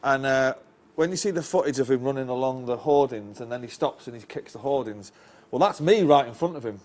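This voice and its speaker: A man's voice: medium pitch, a little fast, darkish tone. A man with a Northern English accent, a guest casually telling a long anecdote, rambling and restarting his lines. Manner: rambling storyteller, chuckles often, restarts lines. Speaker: interview guest.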